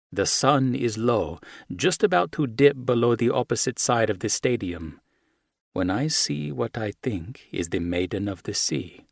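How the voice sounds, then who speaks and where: A man reads a first-person romance in a measured, intimate way. His voice sits on the low side and stays soft throughout. The sound is close and completely dry. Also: creaky, dry recording. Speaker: audiobook narrator.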